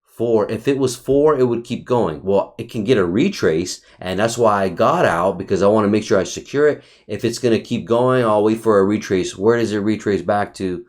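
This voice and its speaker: A lower-pitched man talks through a trading chart in a loose, excitable way. He swears freely, calls the viewer bro and buddy, and stumbles over repeated words as he goes. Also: normal speed. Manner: repeats himself and restarts often. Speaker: trading educator reviewing his chart. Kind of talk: casual screen-share chart review.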